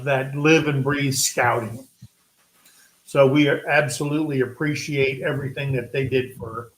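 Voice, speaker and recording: Slow, rambling American man telling stories. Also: on the high side, fairly bright tone, reverberant, a little hiss or hum. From United States. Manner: rambling, unhurried storytelling. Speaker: host. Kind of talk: casual live-stream chat.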